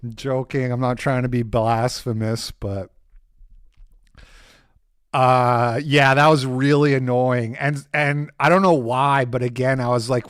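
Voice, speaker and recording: A man hosting a stream, telling a rambling story in a casual, animated way, swearing freely and poking fun at himself. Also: mid-range voice, a little slow, clear, resonant tone, no room sound, studio quality. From Canada. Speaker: streamer host.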